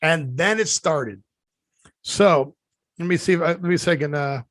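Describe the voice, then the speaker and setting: A man with a fairly high voice tells a long, meandering anecdote and stops often to restart his sentences. His speech carries the easy looseness of casual podcast chat, recorded close and dry with no room sound. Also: moderate pace, long pauses, fairly bright tone, dry recording. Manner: rambling storyteller, many fillers and restarts. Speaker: podcast co-host.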